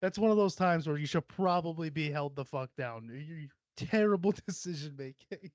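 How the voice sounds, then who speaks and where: A man's voice: on the high side, normal speed, darkish tone, no room sound. A young adult man hosting a podcast, ranting casually with lots of swearing, rambling asides and self-mocking laughs. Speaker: podcast host. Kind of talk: casual solo podcast rant.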